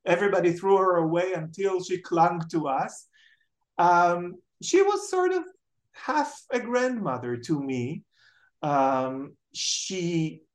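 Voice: medium pitch, reverberant. A speaker from Israel, a memoir author telling family stories in an interview and acting out the people quoted. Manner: animated storyteller, acts out quoted family members. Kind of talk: storytelling interview answers.

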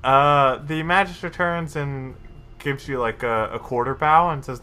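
A man narrating a tabletop game as game master in a casual, animated way. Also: medium pitch, measured pace.

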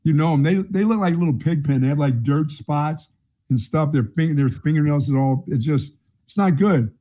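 A man's voice: on the high side, moderate pace, mellow, lo-fi sound. A middle-aged man, a sports talk co-host telling a blunt, rambling story in casual banter. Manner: blunt, rambling storyteller who laughs at his own jokes. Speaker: radio sports show co-host.

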